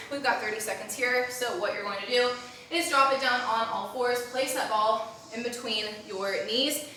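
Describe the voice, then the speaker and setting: Her pitch is on the high side and her tone sharp, and she speaks unhurriedly, a little out of breath as she coaches a postpartum class live. This young instructor calls out breathing and rep counts, checking in again and again with "okay?". The mic is far off in a very reverberant room, with a faint hiss or hum.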